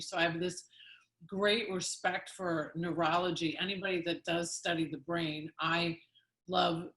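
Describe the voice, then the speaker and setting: A woman hosting an interview show, chatty and lively, laughing often as she talks. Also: lowish voice. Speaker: show host. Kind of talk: casual interview conversation. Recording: echoey room.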